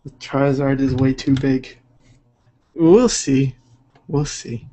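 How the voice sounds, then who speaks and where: A man's voice: mid-range voice, fairly even intonation, slow, mellow. A man chatting casually while drawing on a livestream, laid-back and rambling with many fillers. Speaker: digital artist streaming.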